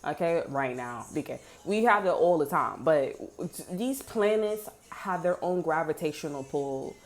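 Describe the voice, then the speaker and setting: A woman's voice: low voice, lively intonation, a little slow. A woman giving a casual spoken tarot reading, blunt, heated and full of swearing. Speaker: tarot reader.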